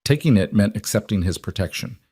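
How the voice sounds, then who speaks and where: A man's voice: lowish voice, animated, a little fast, darkish tone, husky, dry recording, studio quality. A man narrating a dramatic romance story in a scripted reading.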